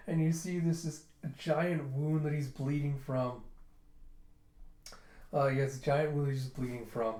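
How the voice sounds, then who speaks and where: A man's voice: on the high side, fairly even intonation, a little slow, long pauses, darkish tone, a little hiss or hum. A man casually reading through a manga, laughing and switching between character voices. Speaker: manga reviewer. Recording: roomy echo.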